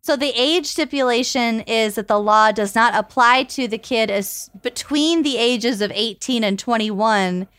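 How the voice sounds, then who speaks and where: A woman's voice: a little high, unhurried, hardly any pauses, a bit bright, clean tone, dry recording. A woman co-hosting a casual podcast, laying out legal details plainly with dry asides on a close studio mic. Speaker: podcast co-host. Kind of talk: casual chat.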